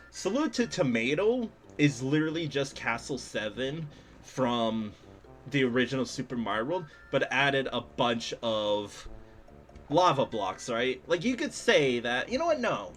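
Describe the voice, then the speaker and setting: Animated young man ranting on stream. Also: unhurried, soft background music. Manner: animated, jumps into high excited pitch when ranting; swears casually, speaks to chat, laughs often. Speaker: streamer judging a level design contest. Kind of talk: casual gaming stream commentary.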